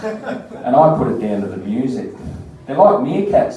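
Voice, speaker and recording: A man's voice: medium pitch, big pitch swings, moderate pace, warm tone. A man with an Australian accent doing a crude stand-up comedy set, telling stories with mocking voices. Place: comedy bar stage. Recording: very echoey bar, distant mic.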